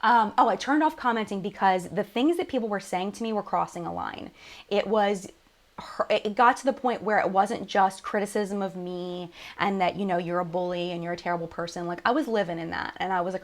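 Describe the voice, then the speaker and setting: A woman in her thirties talks through a live chat while crying. She sounds apologetic and emotional, her mid-pitched voice breaking off into restarts and false starts. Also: a little fast. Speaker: beauty channel host.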